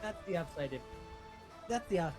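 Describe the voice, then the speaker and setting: Brief: slick executive pushing a bad contract, voiced by a man, smooth patter, a little high. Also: lively intonation, moderate pace, music in the background, lightly acted. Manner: smooth salesman patter, calls people baby. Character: slick male business executive, pushy dealmaker.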